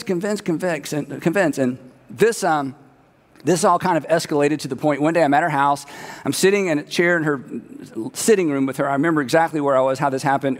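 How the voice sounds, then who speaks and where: A man's voice: on the high side, in a large hall. A man preaching a conversational sermon, repeating words for emphasis. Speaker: pastor.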